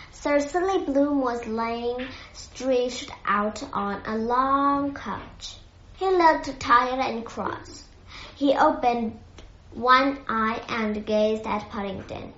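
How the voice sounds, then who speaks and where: Slow, gentle woman reading a storybook. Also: a little high. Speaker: narrator. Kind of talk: reading a children's novel aloud. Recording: echoey muffled lo-fi recording.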